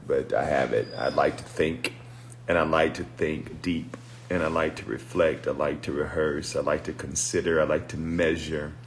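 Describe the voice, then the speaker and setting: Very deep-voiced man teaching on a livestream. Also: a little hiss or hum. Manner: reflective, unhurried, greets viewers by name. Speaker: deliverance minister and preacher. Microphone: phone livestream.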